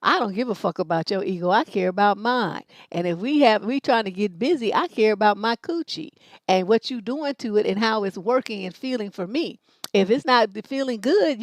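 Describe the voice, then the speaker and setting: A woman's voice: mid-range voice, expressive, normal speed, no echo. A middle-aged woman hosting a livestream relationship advice show, talking bluntly and with plenty of swearing. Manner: blunt, profane, brash storytelling.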